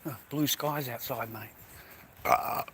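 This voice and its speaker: A man's voice: mid-range voice, takes it slowly, fairly bright tone, slight background noise. An Australian man ranting to camera in a mocking, sarcastic way, swearing freely as he talks. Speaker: vlogger.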